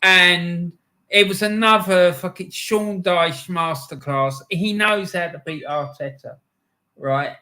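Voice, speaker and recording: Hosting a match-day livestream, a middle-aged man rants and shouts in a fairly high, bright and forceful voice, swearing heavily. He speaks slowly and stops now and then to read out chat messages.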